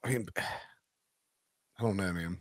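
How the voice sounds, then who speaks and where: A man's voice: low voice, measured pace, no echo, clean studio sound. A man hosting a casual sports podcast, thinking aloud in a jokey, rambling way. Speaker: podcast host.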